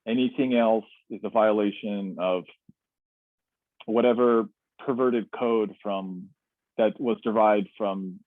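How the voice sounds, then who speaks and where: This man speaks at a medium pitch with no room sound, the audio tinny and dry as on a webinar. A guest there, he shares a personal story in a frank, reflective way, stumbling through many fillers and restarts.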